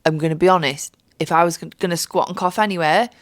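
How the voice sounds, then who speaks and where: Low-voiced tired woman, sweary chat. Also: fairly even intonation, quick pace, no echo, studio quality. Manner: chatty, sweary, jokey storytelling. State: tired, jet-lagged, with a stuffy cold. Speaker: podcast host. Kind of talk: casual chat. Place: bedroom.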